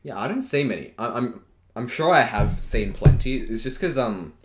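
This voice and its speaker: A man's voice: medium pitch, expressive, moderate pace, music in the background. A teenage boy co-hosting a casual podcast chat, rambling and trailing off into mumbles. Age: teens. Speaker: podcast co-host. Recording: echoey room with faint noise.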